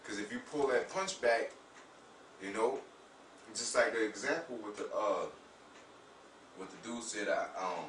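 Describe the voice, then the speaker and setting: A man talking casually about faith in an animated, profane way, often saying "you know what I'm saying". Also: fairly low pitch, measured pace, pauses often. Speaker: religious discussion host. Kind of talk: casual spiritual talk. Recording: roomy echo, far from mic, faint noise.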